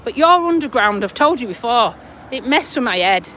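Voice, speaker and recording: Outspoken Yorkshire-accented woman, casual walk-and-talk vlogger, bright high voice, lots of swing. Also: lively intonation, moderate pace, a little hiss or hum. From Lincolnshire, England. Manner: blunt, chatty, mild swearing. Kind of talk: casual walking vlog. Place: outdoors walking a dog by a road.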